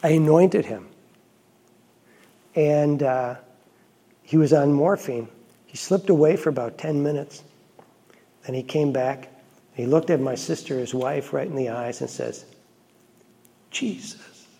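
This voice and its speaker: A Catholic priest, a middle-aged man, telling a personal story in a homily in an earnest, reflective way with quiet asides. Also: a little high, a little slow, creaky, long pauses, breathy edge.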